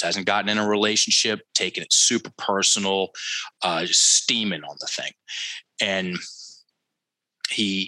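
A man with a low-sitting, sharp-toned voice tells a story as a podcast guest, emphatic and teacherly, repeating key phrases for effect and addressing listeners directly in a conversational way. There's no echo, but the audio quality is poor.

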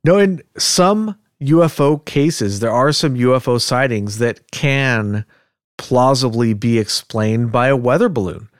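A man's voice: medium pitch, lively intonation, unhurried, dry recording, studio quality. A man hosting a podcast in easygoing casual chat who chuckles often between points. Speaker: podcast host.

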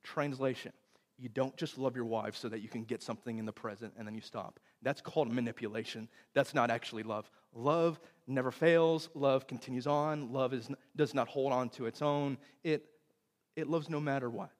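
A young man from Texas preaching a sermon, telling stories with big swings between loud bursts and hushed, tender moments. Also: mid-range voice, moderate pace. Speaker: pastor. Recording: long hall reverb.

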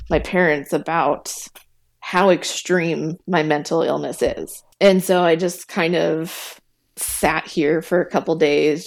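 Low-voiced young woman, podcast guest, open and chatty, quick to laugh. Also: creaky. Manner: open and talkative, laughs between sentences. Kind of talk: candid personal conversation.

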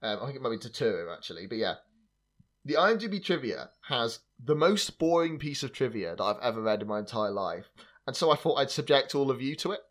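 A man's voice: mid-range voice, very animated, fast, fairly bright tone. A man hosting a podcast, chatting casually about film trivia in a wry, sarcastic way, with plenty of fillers and laughter. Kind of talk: casual chat.

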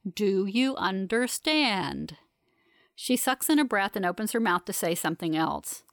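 Steady, composed woman narrating. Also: medium pitch, brisk, dry recording, clean studio sound. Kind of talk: first-person audiobook narration.

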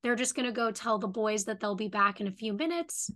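Bright, quick-talking woman recapping. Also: mid-range voice. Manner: retells plot quickly, quoting characters' lines. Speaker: podcast co-host. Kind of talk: casual recap chat.

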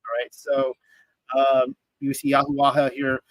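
A man's voice: medium pitch, completely flat delivery, unhurried, a bit bright, no room sound, low-quality recording. A man reading scripture aloud and commenting in a casual, thinking-aloud way, with fillers and restarts. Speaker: Bible study teacher.

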